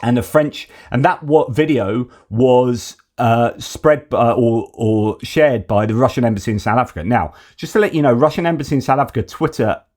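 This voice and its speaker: A man's voice: mid-range voice, normal speed, hardly any pauses, darkish tone. A man hosting a news commentary show, talking through current events in a conversational, opinionated way as he thinks aloud. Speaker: host of a news commentary channel.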